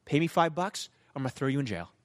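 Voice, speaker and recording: A man's voice: a little high, big pitch swings, fast talker, no room sound. A man voicing a desperate male servant who begs for mercy in a retold parable. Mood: harsh. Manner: pleading, then harsh to others.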